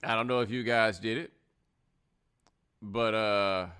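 A man's voice: fairly low pitch, takes it slowly, pauses often, clear, resonant tone. A man hosting a live stream, talking casually in slang and acting out other people's words. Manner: animated, slangy, acts out other people in quotes. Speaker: host.

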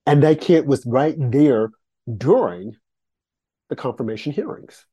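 Male talk host, emphatic questioning monologue, mellow and breathy tone. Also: mid-range voice, animated, unhurried, dull audio. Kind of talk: political commentary monologue.

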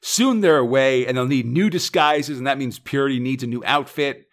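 A man's voice: mid-range voice, normal speed. A man co-hosting a podcast, recapping comic stories in a casual way with playful asides. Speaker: podcast co-host.

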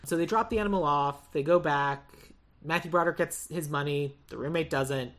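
Woman recapping a film, chatty and low. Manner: chatty, laughing, quick asides. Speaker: podcast host. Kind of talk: casual movie recap chat.

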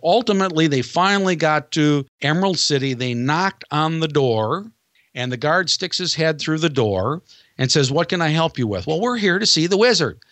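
A man who coaches salespeople retells a familiar film story step by step. He slows down to stress his points. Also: a little high, a bit bright, dry recording. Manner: dramatic retelling, slows for emphasis. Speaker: sales trainer guest.

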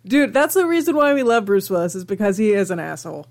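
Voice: mid-range voice, very animated, fast talker. A co-host in casual podcast chat, easygoing, laughing along and chiming in with ideas.

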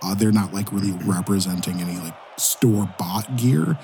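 A man narrating as game master of a tabletop role-playing game. His voice sits low and warm, unhurried and mellow. He describes scenes in a loose, rambling way, padded with fillers. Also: faint music behind.

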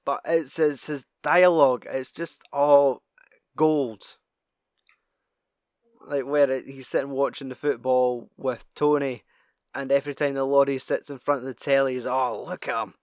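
A man's voice: medium pitch, level tone, a little slow, a little mellow, clear, resonant tone, no room sound, studio quality. A young man in casual chat, swearing often, laughing and acting out film quotes.

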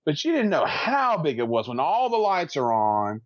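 A man's voice: on the high side, wildly swooping pitch, moderate pace, no room sound. A man talks eagerly in a casual podcast chat. His voice comes through a dull, muffled mic. The sound is dry, with no room around it. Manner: enthusiastic, laughs along.

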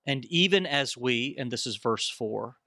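A man's voice: medium pitch, expressive, measured pace, creaky, sharp tone, dry recording, studio quality. A man speaking earnestly, almost like a preacher, as a panelist in a bible study discussion.

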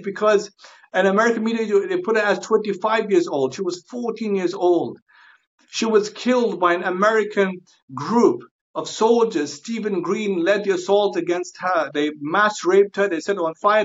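A man speaking as a guest scholar on a podcast, earnest and halting, often repeating and restarting words. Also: high voice, muffled recording. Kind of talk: podcast interview discussion.

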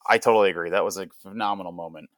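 Man, young adult, low pitch, dry sound, casual rambling podcast chat, eager. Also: very fast, dry recording. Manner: excited rambling recap, heavy with "like". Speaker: podcast co-host. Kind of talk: casual pop-culture chat.

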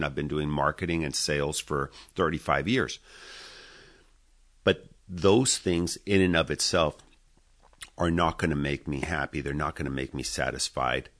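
Podcast guest, man in his fifties, very low voice, chatty storyteller who acts out dialogue. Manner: animated, acts out quoted dialogue. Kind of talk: conversational storytelling.

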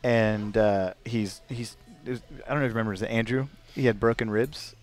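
A man's voice: fairly low pitch, fairly quick. A man hosting a casual interview, telling stories animatedly and filling his talk with "like". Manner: animated storyteller, acts out quotes, frequent "like". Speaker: host. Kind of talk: casual chat.

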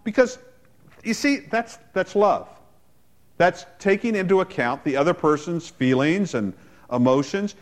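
Conversational male pastor, raised pitch. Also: animated, a little slow. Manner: conversational, joking asides, frequent restarts. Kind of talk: sermon.

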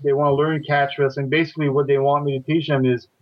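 A man with a fairly high voice, a catch wrestling teacher chatting as a guest. He talks haltingly and leans on fillers and repeated starts. The sound is dry and dull, like a lo-fi line. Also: little pitch movement, no echo. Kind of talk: casual podcast chat.

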